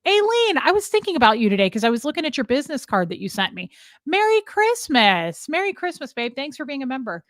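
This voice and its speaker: A woman's voice: sits high, very animated, racing, hardly any pauses, no room sound, clean studio sound. A woman hosting a casual livestream, rambling from topic to topic and greeting viewers by name. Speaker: livestream host. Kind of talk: casual live chat with viewers.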